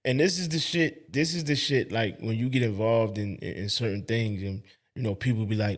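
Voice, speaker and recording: A man's voice: medium pitch, unhurried. A man hosting a reaction video, giving blunt, profane, casual commentary on a clip.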